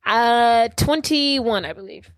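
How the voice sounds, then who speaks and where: A woman's voice: fairly high pitch, lively intonation, takes it slowly, dry recording, clean studio sound. A young woman co-hosting a podcast, casually retelling a movie plot and acting out the characters' lines. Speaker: podcast co-host.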